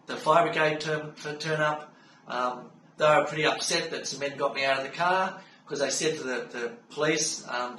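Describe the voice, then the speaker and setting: A middle-aged Australian man calmly recounting a personal story in an unhurried way, with frequent fillers. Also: on the high side. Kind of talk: personal spoken testimony. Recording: roomy sound from a distance with faint background hum.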